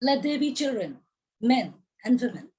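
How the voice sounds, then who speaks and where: A woman's voice: fairly high pitch, big pitch swings, normal speed, warm tone, dull audio. A woman reciting her own poem on a video call, repeating lines for emphasis, her voice tiring. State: voice tiring, coughing. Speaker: poet reading her work. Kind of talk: poetry recital.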